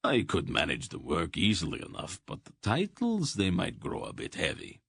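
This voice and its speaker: A man's voice: low voice, huge pitch swings, normal speed, fairly bright tone, slightly rough, no room sound, studio quality, heavily acted. A man doing a humble, uneasy working man. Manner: modest, uncomfortable. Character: plain, humble man, uneasy among nobles.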